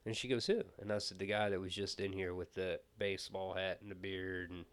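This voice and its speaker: Low-voiced man telling stories. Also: a little fast, clean tone. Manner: storytelling, animated when quoting others. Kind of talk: casual chat.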